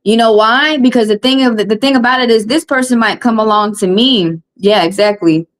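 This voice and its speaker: A woman's voice: on the high side, brisk, rough recording. A woman with a Southern US accent, a tarot reader venting bluntly and heatedly to her livestream viewers on a phone mic, repeating her points.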